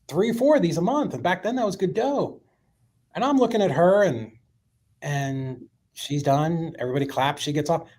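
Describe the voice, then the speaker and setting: A man telling a story as a podcast guest, animated and profane, with many fillers. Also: a little high.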